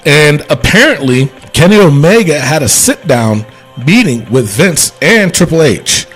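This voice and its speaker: A man with a fairly high voice, co-hosting a casual podcast. He talks in long, rambling runs, gets animated, and laughs often. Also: a little slow, breathy edge, faint music behind. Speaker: podcast co-host. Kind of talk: casual wrestling chat.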